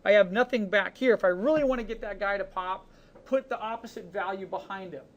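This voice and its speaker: A male art instructor talks through a digital painting demo on a screen recording. He is relaxed and chatty, describing each stroke as he makes it. He drops casual words like "boom" and "you know" as he works. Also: fairly quick, lo-fi sound.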